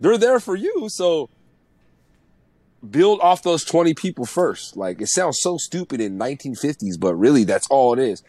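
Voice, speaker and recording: A man's voice: a little high, sing-song, normal speed, mellow, dry recording. A man in his thirties, a music producer guest, giving blunt and profane advice in casual podcast chat.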